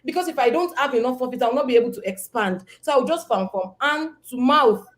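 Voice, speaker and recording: High-voiced woman speaking with passion. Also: fairly quick. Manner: emphatic, repetitive rallying phrases. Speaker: farmer and panelist. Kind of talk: impassioned panel talk.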